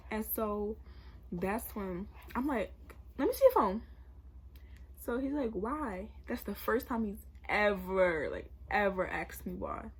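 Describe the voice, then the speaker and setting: A young woman vlogger telling a story casually and animatedly, acting out both sides of a conversation with loud bursts. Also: fairly high pitch, a little hiss or hum.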